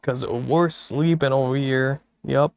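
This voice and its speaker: A man's voice: mid-range voice, steady tone, takes it slowly, creaky, smooth, no room sound. A man streaming late at night, drowsy and laid-back, chatting casually with viewers, swearing and laughing often, into a desktop mic. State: sleepy. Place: home streaming setup, seated. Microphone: desktop microphone through a mixer.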